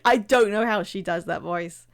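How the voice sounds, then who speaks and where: A woman's voice: medium pitch, moderate pace. A woman streaming a game live, chatting casually with viewers, laughing often and poking fun at herself. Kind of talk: casual livestream chat.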